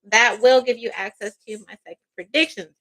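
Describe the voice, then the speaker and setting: A woman's voice: on the high side, brisk, fairly bright tone, low-quality recording. A woman giving a casual tarot reading as a psychic, chatty and peppered with "all right" and "okay".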